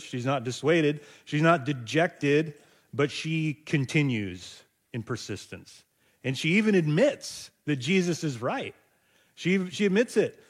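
A male pastor preaching a conversational sermon, thinking aloud with rhetorical asides to his listeners. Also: on the high side.

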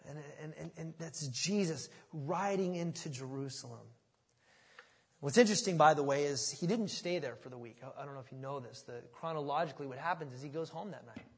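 Animated male preacher, high husky voice, sermon, goes from loud bursts to soft asides. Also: a little fast. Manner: animated, swings from loud excitement to hushed asides. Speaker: pastor. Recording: long reverb of a large hall.

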